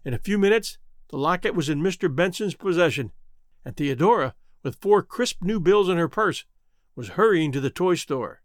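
Expressive male storybook narrator. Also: high-pitched, moderate pace, dry recording, studio quality. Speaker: audiobook narrator.

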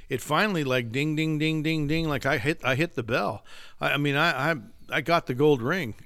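A man's voice: on the high side, fairly bright tone. A man who is a pastor, talking earnestly and emphatically in a casual faith discussion, slipping into a preaching tone.

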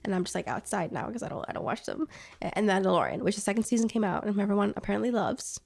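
A young adult woman co-hosting a casual quiz video, chatty and excitable, often saying "dude". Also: mid-range voice, rapid-fire, gravelly. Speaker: YouTube co-host. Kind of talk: casual chat while taking a quiz.

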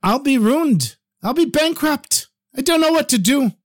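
A man voicing a panicking merchant who has just been robbed, shouting in despair. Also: extremely high pitch, expressive, unhurried, voice pushed up. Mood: desperate. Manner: shouting, desperate.

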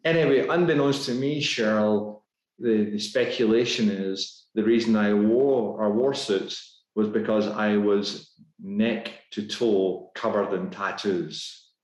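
A man with a Scottish accent, a guest talking in a casual podcast interview, brisk and upbeat with lots of fillers. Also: lowish voice. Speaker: guest executive. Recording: roomy echo.

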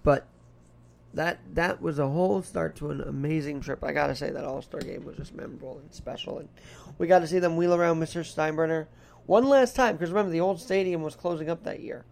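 A man puts on an Irish brogue for his casual solo podcast, rambling chattily from one subject to the next. His voice is a little high, creaky and a touch mellow, and he speaks slightly fast.

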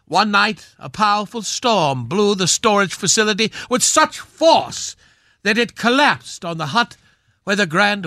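A grandiloquent aging matinee idol, as a man puts him on for a radio comedy bit, his high voice swooping all over in a slow, lordly drawl. The tone is bright and ringing, recorded close and dry in a studio. Every word is savored with theatrical self-importance. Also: no echo, exaggerated voice. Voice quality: grandiloquent, theatrical, drawn-out delivery. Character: aging pompous British swashbuckling film star, knighted. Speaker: guest film star.

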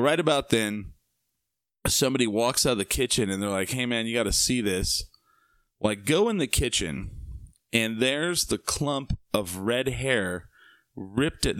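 A young man with a lowish voice spins a rambling story, packed with fillers, asides and the odd curse. The sound is dry and close, with no room around it. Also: expressive, unhurried, fairly bright tone, no room sound. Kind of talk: casual spoken storytelling.

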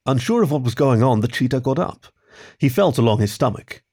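A man hosting a podcast and narrating a story in a lively, expressive reading style. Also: mid-range voice, a little fast.

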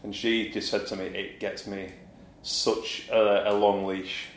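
A man hosting a casual interview, relaxed and laughing along with his guest. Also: fairly low pitch, unhurried. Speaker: podcast host. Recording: roomy with faint noise.

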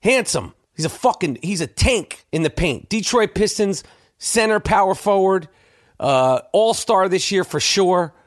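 A man hosting his own podcast, ranting in a brash, animated way, cursing and stumbling over repeated words. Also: high voice, measured pace, dry recording, studio quality. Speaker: podcast host. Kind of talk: profane rant.

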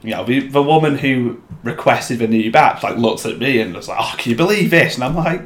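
A man co-hosting a podcast, chatting casually and telling animated stories, acting out quotes and swearing. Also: mid-range voice, brisk. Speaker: podcast co-host. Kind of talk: casual chat. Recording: echoey room.

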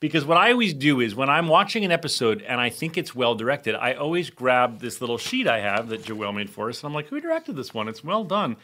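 A man's voice: medium pitch, animated, quick pace, few pauses, pushed and bright. A middle-aged man co-hosting a podcast, chatting casually with wry, teasing humor. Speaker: podcast co-host. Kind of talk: casual chat.

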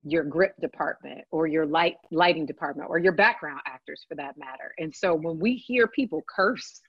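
Husky-voiced woman telling a story. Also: low voice, moderate pace, no room sound, dull audio. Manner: animated, swears freely, chatty asides. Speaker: podcast guest, works on a TV set. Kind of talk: casual storytelling.

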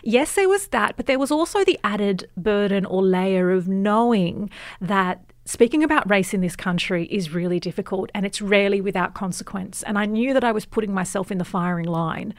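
A woman's voice: medium pitch, normal speed, dry recording. A woman with an Australian accent, speaking as a guest in a studio interview, frank and candid with flashes of cheeky humour. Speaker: guest author and journalist. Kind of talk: conversational interview. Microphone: studio microphone.

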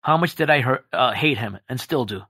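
A man chatting as a podcast guest, animated and jokey, slipping into quick impressions. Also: medium pitch, breathy edge, no room sound. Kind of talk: casual podcast chat.

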